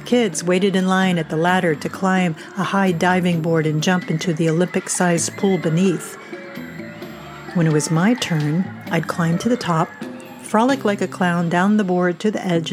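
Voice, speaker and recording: Wry woman narrator, low voice. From United States. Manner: wry, self-mocking. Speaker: podcast host. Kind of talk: scripted humorous storytelling.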